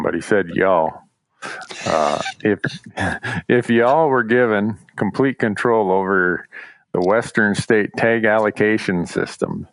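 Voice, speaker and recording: A relaxed man co-hosting a hunting podcast, talking in easy, loose conversation. His voice sits on the low side and the sound is dry and close, with no room around it. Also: no room sound. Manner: laid-back, chuckles often. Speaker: podcast co-host. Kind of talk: casual chat.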